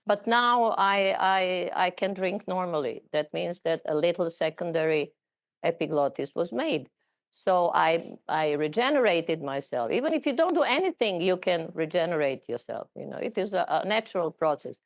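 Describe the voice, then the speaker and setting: A middle-aged woman telling her personal story in a conversational talk, often halting and repeating words. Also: fairly low pitch, lively intonation.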